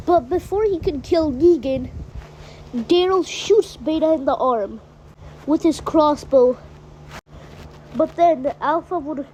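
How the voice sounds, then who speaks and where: Brief: high-voiced woman, slow, casual story recap. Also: background noise. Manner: breathless plot recap, many "and then"s. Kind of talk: casual fan-fiction retelling.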